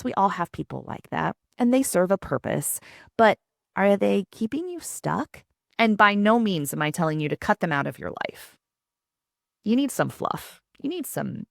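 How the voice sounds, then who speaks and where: A woman in her thirties hosting a solo podcast, telling personal stories in a lively, conversational way with laughs and asides. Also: lowish voice, gravelly, dry recording, clean studio sound. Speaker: podcast host.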